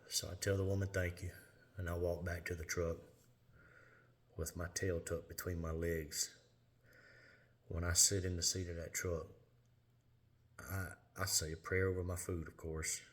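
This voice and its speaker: A man telling a personal testimony in an earnest, plain-spoken way with halting pauses. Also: sits low, level tone, a bit bright. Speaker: lay minister sharing testimony.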